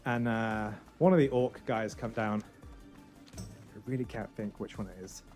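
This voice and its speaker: Mellow-voiced guy streaming a game for charity, jokey and jumpy, yells then mumbles, bit of music in the back. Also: fairly low pitch, normal speed. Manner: excitable and joking, swinging between loud outbursts and muttering. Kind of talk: casual live-stream chat.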